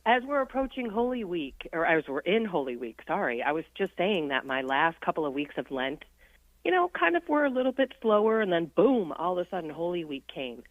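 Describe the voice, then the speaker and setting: A woman's voice: on the low side, very animated, fairly quick, dry recording. A woman calling in as a radio guest, talking about faith in an earnest, reflective way and laughing easily. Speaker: guest on a Catholic radio show. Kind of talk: casual spiritual chat on air. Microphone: phone call. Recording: tinny dry phone line.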